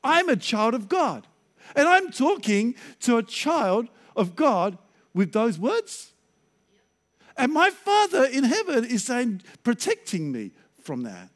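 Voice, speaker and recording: A middle-aged man preaching a sermon as a pastor, lively and acting out stammering inner voices. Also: extremely high pitch, slow pace.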